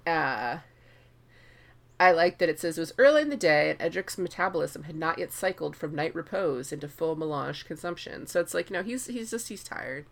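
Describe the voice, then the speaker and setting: A woman co-hosting a podcast, chatting casually about a book, giggling and slipping into quick character asides. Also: low voice, expressive, vocal fry. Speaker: podcast co-host.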